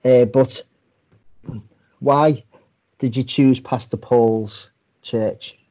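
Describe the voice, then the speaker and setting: A man's voice: medium pitch, steady tone, drawn-out words, warm tone. A male podcast co-host asking questions hesitantly, searching for words. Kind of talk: casual interview questions.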